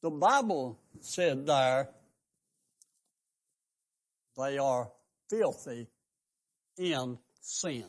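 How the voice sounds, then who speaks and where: A man's voice: medium pitch, expressive, drawn-out words, long pauses. An older man, preaching a fervent sermon as a radio pastor and host, stressing his points with rising questions.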